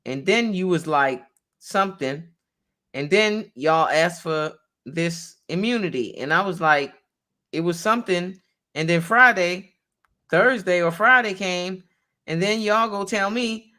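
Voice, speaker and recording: A woman's voice: lowish voice, a little slow, pushed and bright. A woman attorney reading a court transcript aloud in a conversation, naming each speaker as she goes.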